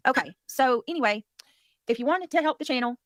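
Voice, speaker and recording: A woman's voice: high voice, animated, a little fast, fairly bright tone, no echo. A woman with a Southern US accent hosting a casual livestream, rambling and chatty as she thanks viewers and curses now and then. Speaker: livestream host.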